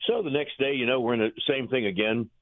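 A man, a former pitching coach, telling folksy, rambling anecdotes in an interview, chuckling as he goes. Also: fast, dry recording. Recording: tinny phone line.

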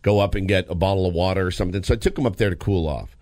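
A man co-hosting a sports radio show, telling a story in a lively, casual way with frequent restarts, in a studio. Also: low-pitched, racing, dry recording. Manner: animated storyteller, lots of restarts.

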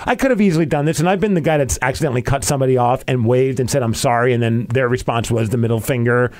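A man's voice: medium pitch, racing, a little mellow. A young man hosting a podcast, telling a story in casual chat and acting out the quotes with laughs. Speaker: podcast host.

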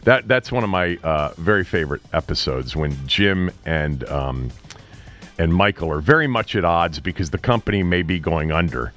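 Lively low-voiced sports talk host. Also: male voice, normal speed, soft background music. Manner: conversational, wry, joking. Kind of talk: casual sports talk commentary.

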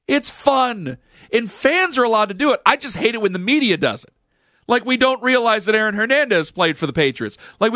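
A man's voice: high voice, sharp tone, no echo, studio quality. A man hosting a sports talk radio show, delivering a sarcastic, opinionated rant.

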